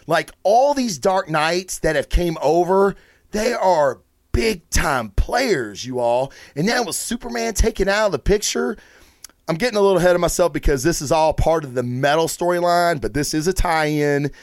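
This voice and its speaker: A man with a slightly high voice hosts a casual comic review and rambles excitedly through the plot. He swears freely. The sound is dry and close, with no room echo. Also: normal speed. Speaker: host of a comic book review show. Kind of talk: casual solo review talk.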